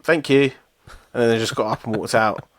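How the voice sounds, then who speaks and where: A man's voice: lowish voice, flat delivery, quick pace, a bit bright, no echo, clean studio sound. A young man co-hosting a podcast, telling rambling, self-mocking stories with lots of swearing. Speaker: podcast co-host. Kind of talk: casual chat.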